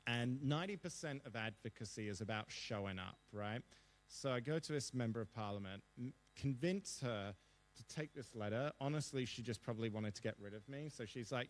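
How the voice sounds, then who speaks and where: A man in his thirties from Perth with an Australian accent, telling lively, self-deprecating anecdotes as a guest speaker in a seminar interview. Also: medium pitch, brisk. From Perth, Western Australia. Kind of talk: storytelling interview on a seminar stage. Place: seminar hall before an audience.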